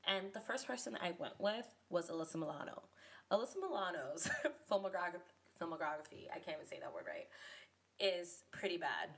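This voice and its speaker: Chatty low-voiced young woman host. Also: sing-song, fairly quick, fairly bright tone. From New York City. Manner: chatty, rambling, playful. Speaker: podcast host. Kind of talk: casual podcast monologue.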